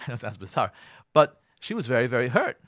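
Lively, bright-voiced rabbi lecturing. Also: male voice, medium pitch, moderate pace, no echo, studio quality. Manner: animated, acts out both sides of arguments; uses Hebrew and Yiddish words. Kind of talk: radio lecture on marriage.

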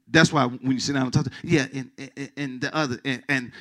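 A middle-aged man preaching a sermon as pastor, animated and emphatic, restarting and repeating words and joking with his congregation. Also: mid-range voice, normal speed.

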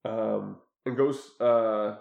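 A man's voice: on the low side, fairly even intonation, very slow, vocal fry, phone-quality sound. A man recapping a film plot in casual chat, laughing often and stumbling through restarts. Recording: echoey room.

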